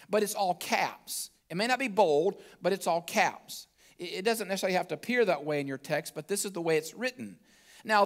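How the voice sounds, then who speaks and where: A male pastor preaching a sermon in a church, talking casually to the congregation and often restarting his phrases. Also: sits high. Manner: conversational preaching with repeated restarts. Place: church sanctuary.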